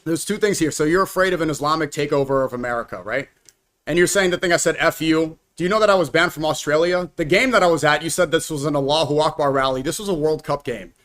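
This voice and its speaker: A man's voice: on the high side, fast talker, fairly bright tone. A young man in a heated debate, insistent and always steering back to his own point.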